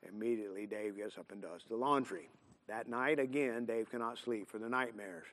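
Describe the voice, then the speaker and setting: A man telling a homespun story in an unhurried, folksy way, with plenty of fillers and restarts. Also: mid-range voice, steady tone, in a large hall.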